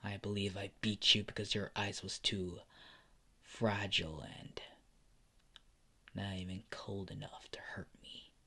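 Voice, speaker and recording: A man voicing a cruel, menacing male fire-wielding villain in a fan story, sneering in a hushed voice. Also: medium pitch, unhurried. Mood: gloating whisper. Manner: sneering, hushed then shouting.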